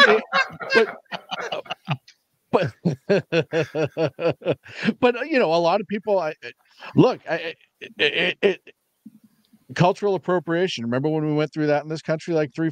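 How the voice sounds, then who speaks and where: Guy on a political panel, kinda high voice, blunt, rambly restarts. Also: animated, normal speed, no room sound. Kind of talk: heated political panel chat.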